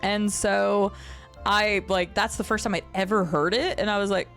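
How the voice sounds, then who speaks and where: A woman streamer chatting casually with her viewers. She has a low vocal fry at the ends of her phrases, rambles, and laughs often. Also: moderate pace, soft background music. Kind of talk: casual live-stream chat, reading and answering chat. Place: home streaming setup.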